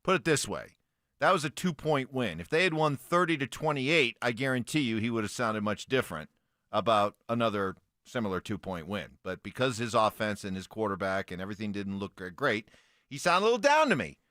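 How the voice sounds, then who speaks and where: A man hosting morning sports talk radio, chatting in an animated, conversational way. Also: on the low side, a little fast, dry recording, clean studio sound. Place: radio studio.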